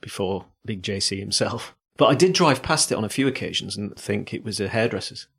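Brief: low husky guy, chatty surf podcast co-host. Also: lively intonation, fairly quick, fairly bright tone. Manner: rambling, playful storytelling. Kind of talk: casual chat.

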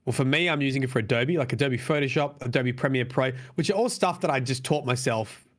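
A man's voice: medium pitch, fast talker. A man co-hosting a casual chat. He rambles, swears freely and fills gaps with "um" and "like". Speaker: podcast co-host.

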